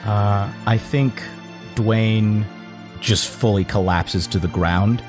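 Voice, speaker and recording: A man's voice: fairly low pitch, fairly even intonation, slow pace, music in the background. A man playing a tabletop game, hesitantly describing his character's actions with many fillers. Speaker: player. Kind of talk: casual tabletop role-play.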